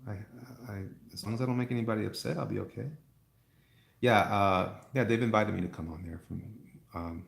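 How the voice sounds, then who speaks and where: Fairly low and creaky, this man's voice moves quickly with a fairly even intonation. While drawing on his live stream, he rambles in casual talk with the chat, chuckling a lot and making fun of himself.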